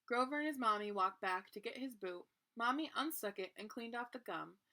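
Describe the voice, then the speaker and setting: A woman reading a children's picture book aloud with expressive narration. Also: fairly high pitch, normal speed. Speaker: reader. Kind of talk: children's storybook read-aloud.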